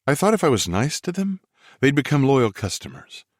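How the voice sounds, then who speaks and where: Audiobook: male narrator as an earnest young woman designer, higher voice, dry sound. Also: sing-song, moderate pace, dry recording. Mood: earnest, pleading. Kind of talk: audiobook character voice.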